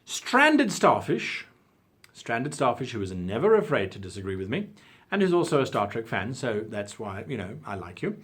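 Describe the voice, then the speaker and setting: A man's voice: on the low side, husky. A South African man with a careful British-style diction, hosting a talking-head advice video in a theatrical, emphatic way. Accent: South African English, with crisp British-style diction. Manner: theatrical, lively delivery with drawn-out emphasis. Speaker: channel host.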